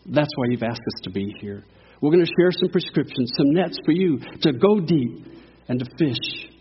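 A middle-aged man preaching a sermon as a guest pastor, telling a story and swinging from hushed lines to loud cries. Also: on the high side, animated, moderate pace, husky, lo-fi sound.

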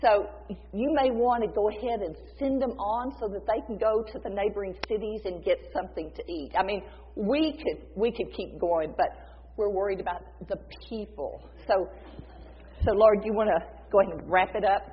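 A woman preaching a sermon, retelling a scripture story in a lively, conversational way and acting out the dialogue. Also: mid-range voice, moderate pace, a little hiss or hum. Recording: dull echoey hall sound.

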